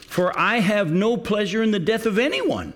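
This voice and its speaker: A man's voice: high voice, expressive, moderate pace, fairly bright tone. A middle-aged male pastor preaching a sermon, earnest and direct, often putting questions to his congregation.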